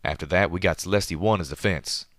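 A man doing a drawling pegasus shouting orders. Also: low-pitched, quick pace, no echo, clean studio sound. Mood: grim. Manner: loud, urgent, clipped. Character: Southern male pegasus fighter, shouting in battle.

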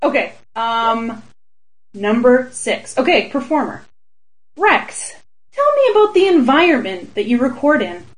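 A woman's voice: fairly high pitch, sing-song, rough recording. A woman interviewing a guest in a casual chat, playful and teasing. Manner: playful, teasing, quick to laugh.

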